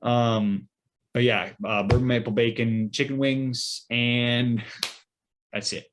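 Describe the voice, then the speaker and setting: A man co-hosting a podcast, telling a story in a rambling, animated way with many fillers. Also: mid-range voice, slow, background noise. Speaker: podcast co-host. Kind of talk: casual storytelling.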